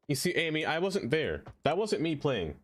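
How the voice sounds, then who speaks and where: A man's voice: on the high side, wildly swooping pitch, normal speed, soft background music. A young man from Brooklyn, rambling and joking as he reads chat on a casual gaming stream. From Brooklyn, New York.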